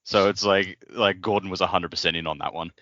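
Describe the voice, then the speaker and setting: A man's voice: sits low, fairly even intonation, a little fast, sharp tone, dry recording, highs cut off. A man on a podcast joking around and comparing a book scene to a movie in casual chat. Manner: joking, makes pop-culture comparisons. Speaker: podcast co-host.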